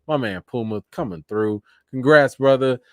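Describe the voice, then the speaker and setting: A man's voice: medium pitch, moderate pace, dry recording, studio quality. A man hosting a casual live stream, reading viewer comments aloud and thanking each viewer, with frequent laughs and big rises in his voice. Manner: animated, laughs often, thanks viewers one by one. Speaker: livestream host.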